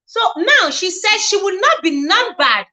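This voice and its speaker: A woman's voice: extremely high pitch, big pitch swings, a little slow, bright, forceful tone, low-quality recording. A woman hosting a chatty livestream, reading posts aloud, commenting on them and greeting viewers by name. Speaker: livestream host.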